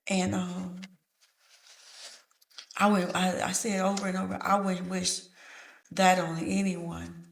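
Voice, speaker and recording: A middle-aged grandmother, a guest giving personal testimony in a slow, halting, measured way. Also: on the low side, level tone, vocal fry. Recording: echoey room.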